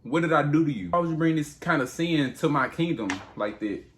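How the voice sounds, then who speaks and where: A man's voice: fairly high pitch, animated, fairly quick, fairly bright tone, a little hiss or hum. A man doing Abimelech, a protesting old king. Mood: indignant. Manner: pleading, protesting in slangy modern speech. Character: ancient male king, indignant and protesting innocence.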